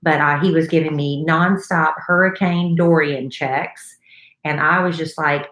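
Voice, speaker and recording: Low-voiced woman telling a chatty story. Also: a little slow. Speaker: radio show co-host. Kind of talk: casual chat. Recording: echoey room.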